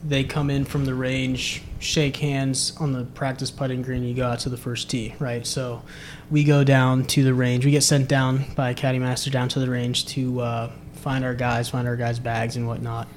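A man chatting as a podcast guest, an animated storyteller who restarts phrases and laughs often. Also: mid-range voice, moderate pace, hardly any pauses, slight background noise. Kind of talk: casual chat.

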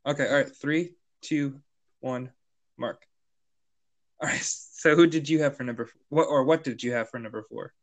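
A man's voice: medium pitch, moderate pace. A man co-hosting a casual podcast, playful and joking. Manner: playful, counting in takes, laughing. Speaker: podcast co-host.

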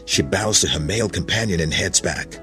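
A man narrating a storybook reading in an animated way, voicing many characters. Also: low voice, brisk, soft background music.

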